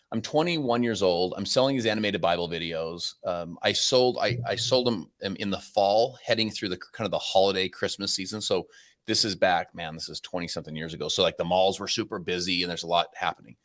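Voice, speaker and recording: A podcast guest in his forties tells a story energetically and conversationally, restarting his sentences many times. His voice sits low.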